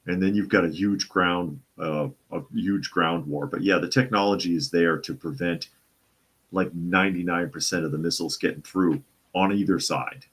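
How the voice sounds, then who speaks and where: A man from the Boston area hosts a live talk show, reading viewer comments and answering conversationally in casual opinion talk, often restarting and repeating phrases. His voice is low-pitched and slightly rough, with a steady tone, fairly bright quality, and moderate pace.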